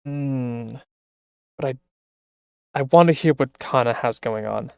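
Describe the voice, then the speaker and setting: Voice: mid-range voice, takes it slowly, vocal fry, clean tone, no room sound. Give me a chatty streamer reading a game aloud with wry asides, dry mic. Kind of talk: reading a visual novel aloud.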